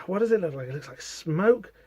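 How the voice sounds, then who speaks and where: A man's voice: sits high, expressive, fairly quick, dark tone, husky, no echo. A man hosting a podcast, casually walking through a comic book and reading its lines aloud with many fillers. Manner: chatty, reads quotes aloud with hesitant fillers. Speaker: podcast host.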